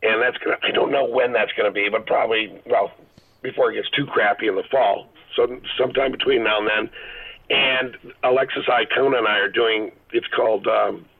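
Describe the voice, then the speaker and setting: A middle-aged male actor telling rambling, animated stories as a guest on a phone-in interview. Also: on the low side, fairly quick. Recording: phone line.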